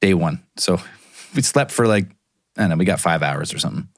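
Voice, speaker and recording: Expressive man with self-mocking humor. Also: low-pitched, brisk, no room sound, clean studio sound. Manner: wry, self-mocking interjections. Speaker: podcast co-host. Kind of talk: casual storytelling chat.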